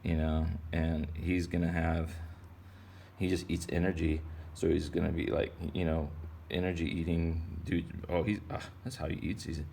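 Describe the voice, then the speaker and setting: A man's voice: sits low, level tone, moderate pace, vocal fry, mellow, slight background noise. A man from Texas giving a casual drawing lesson for kids, rambling and playful as he goes. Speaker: art teacher.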